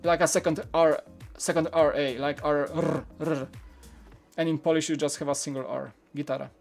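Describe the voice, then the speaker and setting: A man's voice: fairly high pitch, fairly even intonation, a little fast, vocal fry, faint music behind. A man hosting a toy-building live stream, chatting casually and candidly while answering viewer questions in a rambling way. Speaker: Lego channel host.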